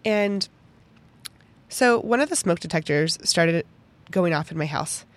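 A young woman hosting a podcast, telling a personal story in an animated, chatty way full of "like" fillers. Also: fairly low pitch, measured pace. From Pittsburgh, United States. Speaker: podcast host.

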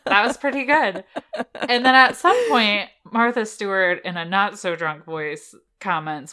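A woman's voice: mid-range voice, unhurried, sharp tone. A woman co-hosting a casual podcast, giggling often and reading listener messages aloud. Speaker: podcast co-host. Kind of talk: casual chat.

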